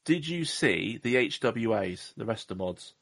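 A man's voice: medium pitch, animated, normal speed, creaky, a bit bright, no room sound. A man hosting a podcast in casual chat, rambling and self-deprecating with jokes. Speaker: podcast host.

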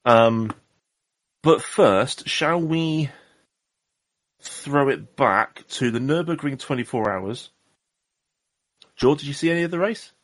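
A man's voice: medium pitch, expressive, takes it slowly, long pauses, no echo. A man from Southwest England, hosting a casual podcast chat in a rambling, jokey, self-deprecating way. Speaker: podcast host.

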